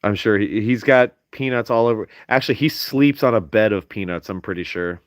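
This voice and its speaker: A man's voice: lowish voice, a little fast, no echo, studio quality. A sleepy young man hosting a casual stream, reading chat in a playful, teasing way.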